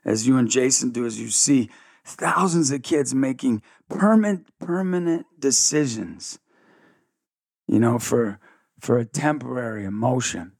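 A man tells his story with energy and a gravelly edge, jumping in and out of quoted dialogue. His pitch sits in a middle range. The recording is dry and close, with no room sound. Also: dry recording. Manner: energetic, fast-shifting, acts out dialogue. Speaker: guest, ministry founder. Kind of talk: animated storytelling interview.

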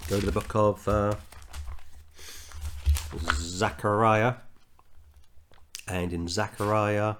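A man's voice: fairly low pitch, steady tone, slow pace, pauses often, background noise. Earnest man teaching scripture. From England. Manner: earnest, reads scripture aloud with rising emphasis, tells anecdotes. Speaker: Bible teacher. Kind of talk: verse-by-verse Bible study.

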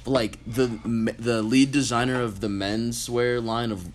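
A man's voice: mid-range voice, level tone, normal speed, slight background noise. A young man in casual chat, talking in an earnest, slangy way.

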